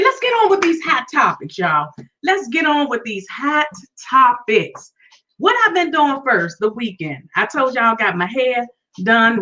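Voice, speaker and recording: Upbeat high-voiced woman vlog host. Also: sharp tone. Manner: upbeat and chatty, repeats phrases, sings greetings. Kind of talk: casual chat to viewers. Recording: distant, dull lo-fi sound.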